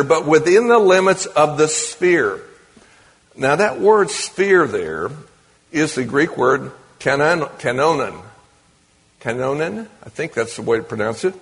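Guy preaching casually, asks the crowd stuff, slightly higher voice, long echo from a big hall. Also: a bit bright. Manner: conversational, asks the audience questions. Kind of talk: sermon to a congregation. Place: church or meeting hall with an audience. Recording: long reverb of a large hall.

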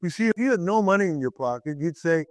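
Animated preacher man with dry sound. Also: quick pace, no echo, poor audio. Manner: dramatic, swings pitch to act out quoted voices; asks the listeners rhetorical questions. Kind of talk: sermon.

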